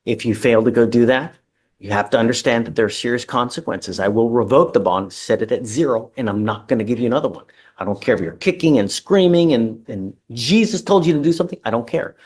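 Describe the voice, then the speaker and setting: A judge on the bench, a man with a husky, breathy edge to his mid-range voice. He speaks bluntly and directly, laying out the rules of a courtroom bail hearing. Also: medium pitch, a little fast, a little mellow.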